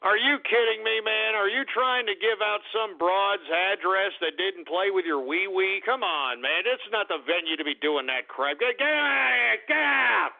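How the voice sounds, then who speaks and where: A man's voice: high voice, normal speed, vocal fry, few pauses. A man hosting a call-in radio show, exasperated and swearing, often bursting into laughter. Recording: tinny phone-like radio audio.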